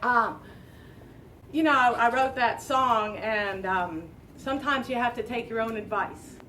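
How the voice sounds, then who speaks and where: A woman's voice: on the high side, unhurried, bright, forceful tone, distant mic, slight background noise. A woman in her late fifties hosting a talk show, telling a rambling, self-deprecating story to a live audience. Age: late 50s. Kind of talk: casual chat to a live audience.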